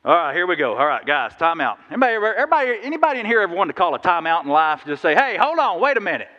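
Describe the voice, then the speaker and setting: A man preaching a sermon, telling stories in a lively, animated way with sudden loud bursts. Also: a little high, very fast. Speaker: pastor. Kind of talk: sermon with storytelling. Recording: dull sound in a big reverberant hall.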